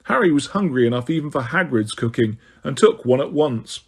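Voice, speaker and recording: A man narrating a novel aloud in a steady, even storytelling voice. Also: medium pitch, fairly quick, slightly rough. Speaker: audiobook reader. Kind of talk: audiobook narration.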